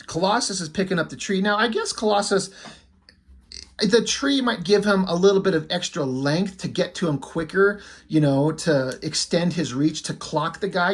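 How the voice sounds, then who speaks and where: A man's voice: fairly high pitch, husky. A man giving casual, profane commentary as he reviews a comic page by page, thinking aloud and lingering admiringly on the art.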